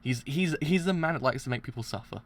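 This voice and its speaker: A man streaming live reaction commentary, excitable, groaning and repeating himself as he talks. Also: mid-range voice, quick pace.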